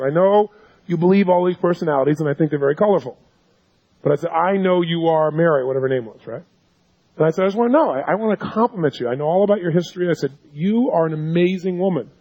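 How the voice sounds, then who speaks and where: A man's voice: high-pitched, a little mellow. A man giving a live seminar lecture, firing rhetorical questions at his audience and acting out his own dialogue as he tells a story. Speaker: seminar speaker coaching an audience. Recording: dull lo-fi recording.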